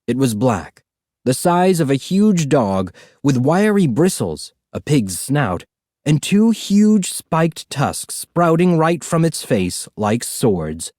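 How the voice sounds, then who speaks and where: A man narrating a storybook in an expressive, animated reading. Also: on the high side, slow pace, no room sound, studio quality. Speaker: audiobook narrator.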